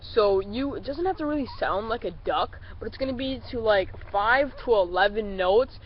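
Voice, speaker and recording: A man's voice: sits high, animated, normal speed. A man who is a little under the weather talks through a beginner's duck calling lesson in a loose, rambling way, often calling his viewers guys. The recording is a bit dull and lo-fi, with faint road noise in the background. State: a little sick. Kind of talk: casual tutorial.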